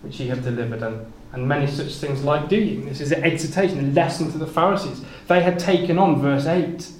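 A fairly quick, higher-pitched man preaches an expository Bible sermon, reading King James scripture aloud and tripping over repeated words as he explains it. The room is echoey, with faint ambient noise.

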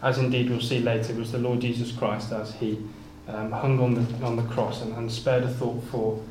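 A man of middle pitch gives a Bible sermon, reading scripture in King James wording and expounding it in plain speech. He often stumbles and repeats small words as he gathers his thoughts. The recording is roomy and echoey, with faint background noise. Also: little pitch movement, normal speed, darkish tone. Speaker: preacher.

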